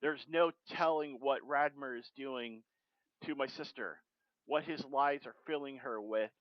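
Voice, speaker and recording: A man reading aloud as a resentful teenage boy, in a flat read-aloud delivery on a dull lo-fi backup mic. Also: mid-range voice, a little slow, no room sound, close to an everyday voice.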